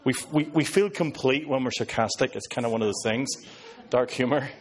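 A man's voice: medium pitch, a little fast. A man in his fifties from Northern Ireland with a Northern Irish accent, a pastor preaching to a live audience and cracking sarcastic jokes. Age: 50s. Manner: joking, sarcastic asides to an audience. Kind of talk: sermon.

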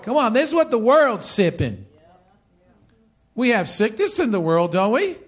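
A man delivers a sermon from the pulpit with a high, animated voice full of swooping pitch. He leads the congregation in repeating phrases. He presses each point home by saying it again and again. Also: a little slow, slightly rough. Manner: animated preaching with call-and-response. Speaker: pastor.

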